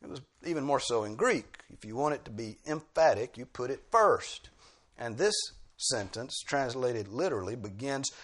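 A man's voice: mid-range voice, animated, normal speed. A male preacher delivering an expository sermon, pressing key phrases with emphatic bursts.

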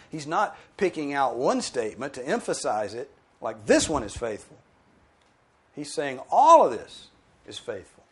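A man's voice: mid-range voice, breathy edge. A man preaching an expository sermon, explaining a verse and acting out objectors' voices. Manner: animated, emphatic, mimics objectors in quoted asides.

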